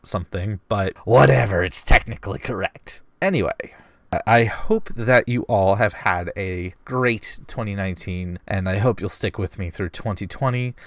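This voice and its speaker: A man's voice: sits low, no echo. A man in his twenties with a stuffy nose, answering viewer questions in a wry, self-deprecating casual vlog. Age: 20s. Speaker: vlogger.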